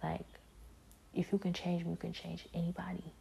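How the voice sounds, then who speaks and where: A woman giving an earnest personal religious testimony, often soft and half-whispered, halting with restarts and filler phrases. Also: on the low side, monotone, vocal fry, breathy edge. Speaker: believer sharing a personal testimony.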